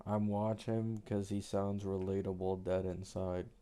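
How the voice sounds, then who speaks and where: A man's voice: sits low, level tone, unhurried, warm tone, smooth. A young man from Canada with a slight Canadian accent, chatting casually on a livestream, reading viewer questions aloud in a laid-back, slangy way. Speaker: streamer answering chat.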